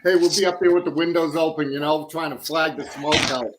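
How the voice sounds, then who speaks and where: A man's voice: on the high side, steady tone, a little fast, noisy background. A man in a casual group chat, reminiscing in a laid-back way.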